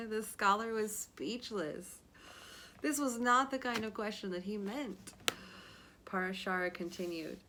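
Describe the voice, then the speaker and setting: A woman's voice: medium pitch, a little slow, pushed and bright, slight background noise. A woman yoga teacher casually retelling a story from a book, chatty and often checking in with her listeners.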